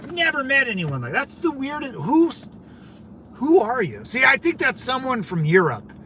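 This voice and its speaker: There's a little hiss or hum as this very high-voiced man from California talks at a moderate pace with huge pitch swings and a sharp tone. He hosts a casual stream, rambling and talking back to viewers with lots of "man" and "dude."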